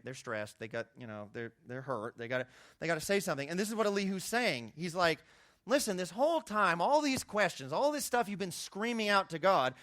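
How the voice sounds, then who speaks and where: A young man preaching a conversational sermon, his voice jumping high when he makes a point. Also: a bit bright, no room sound, studio quality. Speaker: youth pastor.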